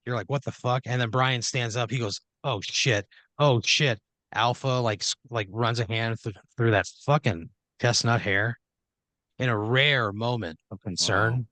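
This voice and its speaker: A man tells an improvised comic tale into a close, dry podcast mic. He rambles and restarts his sentences as he goes. His pitch sits at an ordinary middle for a man. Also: moderate pace, sharp tone, no room sound. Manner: rambling, profane, second-person narration with restarts. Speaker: podcast host telling an improvised story. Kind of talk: improvised comedic storytelling.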